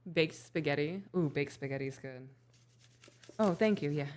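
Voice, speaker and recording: A woman's voice: deep voice, moderate pace, a little mellow. A woman hosting her show, chatting casually with viewers as she bakes in a home kitchen, in a chatty, self-deprecating way. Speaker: show host. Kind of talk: casual chat while baking on camera.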